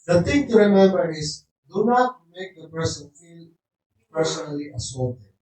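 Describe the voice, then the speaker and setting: A man's voice: high-pitched, lively intonation, moderate pace, darkish tone. A man teaching a group, emphatic and checking in often with "right?". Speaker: lecturer. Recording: echoey room, speaker far from mic.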